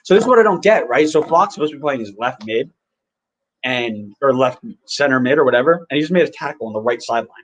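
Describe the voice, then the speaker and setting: Excitable man chatting over a live match. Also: mid-range voice, quick pace, lo-fi sound, slight background noise. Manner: rambling, excitable reactions to play. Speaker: podcast host. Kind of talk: casual live match-watching chat.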